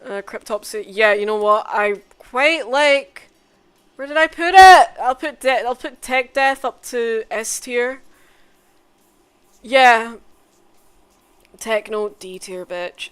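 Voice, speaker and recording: A woman making a casual music tier list, swearing often, mumbling asides and bursting into loud excited outbursts. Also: on the high side, a little slow, clear, resonant tone. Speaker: content creator.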